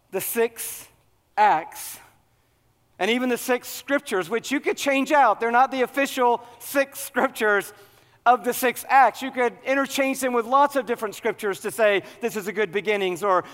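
A man preaching a sermon, animated and humorous, working up to loud, excited preaching. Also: sits high, moderate pace, long reverb tail. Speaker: pastor.

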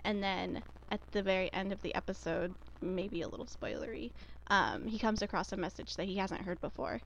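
A woman's voice: mid-range voice, fairly even intonation, fairly quick, a bit bright, highs cut off, slight background noise. Enthusiastic woman chatting on a podcast. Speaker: podcast co-host. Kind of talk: casual recommendation chat.

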